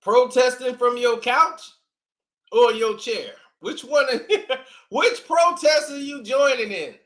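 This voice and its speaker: A man with a very high, bright voice talks slowly and mockingly as he reacts to a clip. He keeps breaking into laughter, and his voice bounces around an echoey room. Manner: sarcastic, laughs often between remarks. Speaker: commentator reacting to a video clip.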